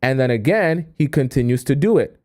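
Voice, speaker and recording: A man's voice: medium pitch, animated, brisk, darkish tone. A man hosting a livestream on relationship advice, talking conversationally, often asking "right?" and reading chat comments aloud.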